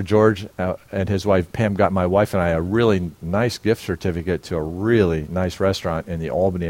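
Animated older preacher man telling stories. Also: low voice, dry recording. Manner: animated storyteller, swings into loud excited telling. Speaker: pastor. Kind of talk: sermon storytelling.

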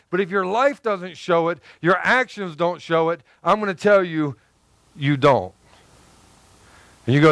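High-voiced man preaching animatedly. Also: moderate pace, pauses often, no echo. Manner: animated, conversational preaching with repetitions and acted asides. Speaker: pastor. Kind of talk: sermon.

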